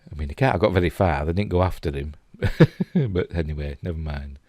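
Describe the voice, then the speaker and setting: A man's voice: low-pitched, animated, brisk, darkish tone, dry recording, clean studio sound. A middle-aged man with a Yorkshire accent, rambling casually and chuckling as he comments on pictures. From England. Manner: chatty, rambling, chuckling asides. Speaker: host.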